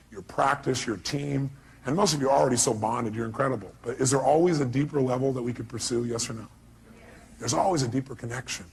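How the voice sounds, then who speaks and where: Male motivational speaker, raspy, punchy rhetorical questions to the crowd; quick to cast. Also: mid-range voice, rough recording. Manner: emphatic, fires off rhetorical questions. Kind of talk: motivational speech to a live audience.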